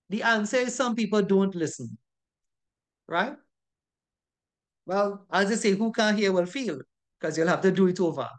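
A course instructor from Trinidad with a Trinidadian accent, lecturing an online class in an emphatic, scolding way, repeating points and ending lines with a questioning tag. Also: medium pitch.

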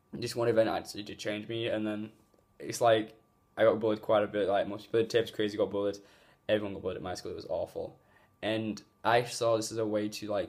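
Rambling young man on a phone vlog. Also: fairly low pitch. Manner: rambling, filler-heavy, earnest. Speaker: gaming YouTuber. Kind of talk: casual vlog talk. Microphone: phone mic.

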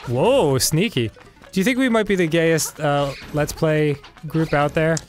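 A man's voice: on the high side, a little slow, soft background music. A man in his thirties co-hosting a let's play, cracking dry, wry jokes. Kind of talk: casual gaming banter.

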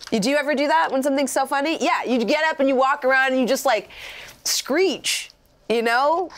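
A woman from Southern California chatting casually while painting miniatures, animated and swearing freely. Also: sits high, fairly quick. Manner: animated, swears freely, acts out quoted voices.

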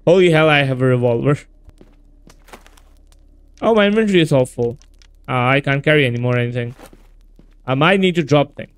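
A man's voice: medium pitch, lively intonation, fairly quick, long pauses, smooth. A man casually talking to himself and his viewers as he plays a horror game, reacting aloud to what he finds. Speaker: gameplay video host.

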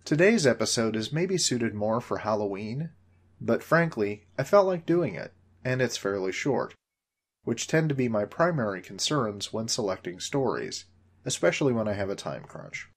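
A man's voice: medium pitch, very animated, moderate pace. A man in his forties hosting a story podcast, reading the narration in a dry, wry manner.

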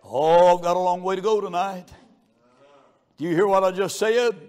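A man delivers a revival sermon in a strikingly high voice. He preaches fervently, slowing on key phrases and rising to loud shouts.

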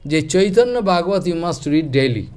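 Rich: A spiritual teacher tells a devotional story in a lively, somewhat high male voice. He speaks in halting, broken English, filling his pauses with "you know" and "I mean". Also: slight background noise. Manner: animated, halting broken English, many fillers.

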